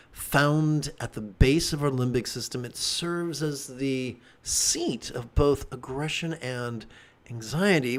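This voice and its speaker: Meditation teacher, male, lively and joking, mid-pitched voice. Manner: animated, joking asides. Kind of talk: dharma talk.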